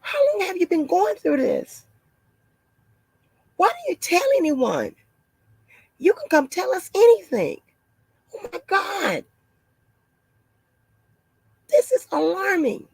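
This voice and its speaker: A woman doing a mocking impression of a shocked, over-concerned woman, gasping and breathy with drawn-out alarmed phrases. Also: extremely high pitch, huge pitch swings, a little mellow, no echo, pitched above the performer's own voice, exaggerated voice. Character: shocked, fretful high-voiced woman, overly concerned.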